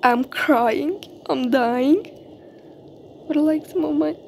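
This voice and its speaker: Gushing high-voiced woman gaming vlogger. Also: takes it slowly, vocal fry, background noise. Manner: gushing, repeats exclamations. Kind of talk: excited game commentary. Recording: music playing under the voice.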